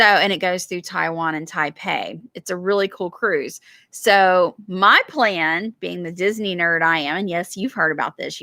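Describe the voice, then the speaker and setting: A woman's voice: lowish voice, sharp tone, no echo. A woman co-hosting a casual live stream from a backyard, chatting and reading out viewer comments with frequent laughter. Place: backyard, outdoors.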